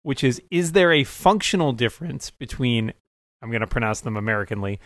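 A man's voice: medium pitch, lively intonation, fairly quick, fairly bright tone, no echo. An American man chatting casually, asking playful, curious questions. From United States. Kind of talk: casual chat.

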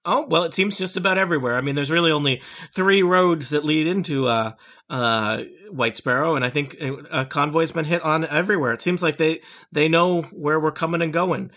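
A fretful little gnome who sells gems, as a man puts him on at the game table. He talks in a fussy, halting way, stumbling over his words, in a bright, slightly raised voice. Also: fairly high pitch. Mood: worried. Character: small male gnome gem merchant, fretful and polite.

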